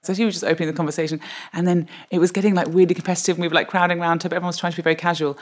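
A woman in her thirties with a low voice tells self-deprecating stories as a podcast guest. She talks in quick bursts, laughing often as her stories build. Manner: animated comic storyteller, laughs often. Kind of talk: podcast interview.

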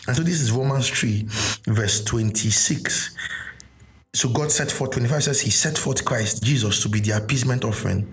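A man's voice: mid-range voice, moderate pace. A man teaching a sermon, explaining with everyday stories and repeating key phrases. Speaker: preacher.

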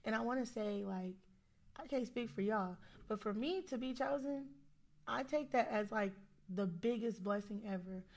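A young woman co-hosting a faith podcast, speaking in an animated, encouraging and playful way. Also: fairly high pitch, moderate pace. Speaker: podcast co-host. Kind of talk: casual faith podcast chat.

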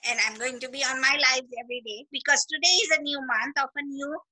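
Bright-voiced emphatic woman, animated talk. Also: high voice, fast talker, breathy edge, low-quality recording. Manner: animated, emphatic, acts out quotes. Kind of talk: casual motivational chat.

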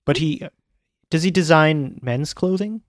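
A man's voice: on the high side, a little slow, dry recording. A man co-hosting a casual podcast, dropping dry quips. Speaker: podcast co-host. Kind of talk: casual chat.

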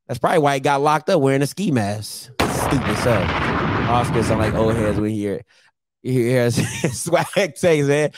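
A man's voice: mid-range voice, expressive, normal speed, no room sound. A man in his thirties hosting a sports picks show, ranting casually to camera with slang and laughing asides. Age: 30s.

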